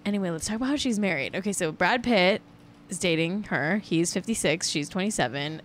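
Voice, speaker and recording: A woman's voice: fairly low pitch, a little fast, a little hiss or hum. A woman hosting a casual celebrity gossip stream, chatty and rambling, breaking into sing-song riffs. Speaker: host.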